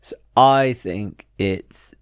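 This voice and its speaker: A young man with a lowish voice, guessing his way through a podcast quiz. He is laid-back and slips in dry one-liners. The sound is dry and close. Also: very slow, clear, resonant tone, no echo. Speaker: podcast co-host and quiz contestant. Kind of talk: casual podcast quiz chat.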